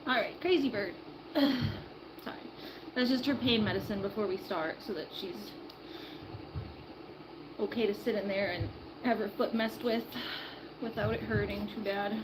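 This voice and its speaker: A woman's voice: mid-range voice, normal speed, pauses often, background noise. A woman chatting through caring for an injured bird, coaxing and soothing it as she goes. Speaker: animal caretaker. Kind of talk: casual vlog narration. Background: dog barking.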